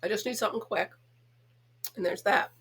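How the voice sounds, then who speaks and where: A middle-aged American woman hosts a casual home chat vlog, talking in a chatty, giggly, self-teasing way. Her voice is medium in pitch, husky yet fairly bright, at a moderate pace.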